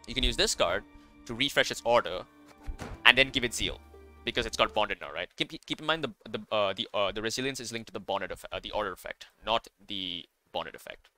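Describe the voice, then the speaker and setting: A man with a low-set voice chats through a card game as a content creator. He sounds bright and forceful, piles on fillers and corrects himself mid-sentence. Soft music plays behind him. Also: lively intonation, fairly quick. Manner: enthusiastic, rambling, many fillers and self-corrections. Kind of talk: casual gameplay commentary.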